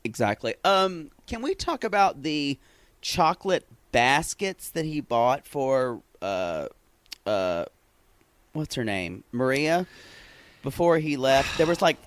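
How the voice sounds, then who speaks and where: A man co-hosting a podcast, recapping a show in gossipy, animated chat. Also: mid-range voice, takes it slowly, clean tone, no room sound. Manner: gossipy, animated, laughs often, says y'all. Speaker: podcast co-host.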